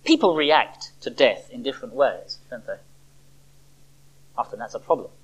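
Preacher giving a sermon, voice swooping up and down, lots of dramatic pauses. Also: mid-range voice, slightly rough, rough recording. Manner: expressive, with dramatic pauses and rhetorical questions.

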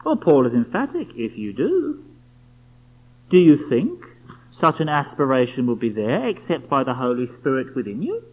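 A man's voice: medium pitch, wildly swooping pitch, moderate pace. Man, sermon, emphatic rhetorical questions, lo-fi muffled recording. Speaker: preacher. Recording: dull lo-fi recording.

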